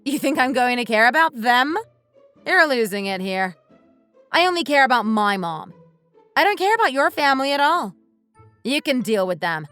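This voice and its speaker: A woman's voice: sits high, sing-song, normal speed, pauses often, fairly bright tone, clean tone, soft background music. A woman voicing a resentful wife fed up with her husband, speaking in a bitter, accusing way. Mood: cold. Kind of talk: scripted dialogue drama.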